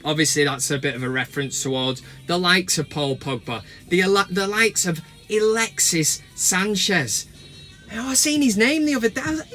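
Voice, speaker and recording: A man hosting a casual football chat from inside a van while driving, with cheeky, animated banter. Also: high voice, moderate pace, soft background music. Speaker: host.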